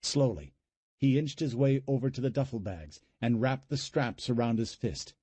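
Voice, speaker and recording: A man narrating a horror audiobook in a dramatic, expressive reading style, recorded close to the mic. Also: mid-range voice, normal speed, slightly rough, dry recording.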